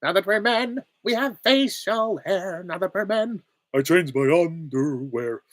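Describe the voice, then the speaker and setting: A shrill squeaky cartoon sponge. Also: male voice, lively intonation, moderate pace, bright, forceful tone, no room sound, clean studio sound, exaggerated voice. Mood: manic singing. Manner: shrill, screechy singing.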